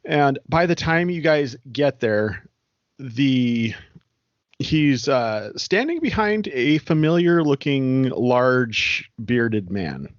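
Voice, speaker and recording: A man running a tabletop horror game, laying out each scene in a matter-of-fact way. His voice is mid-pitched, close and dry, with slightly dull, muffled audio. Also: sing-song, takes it slowly, no room sound. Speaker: game master.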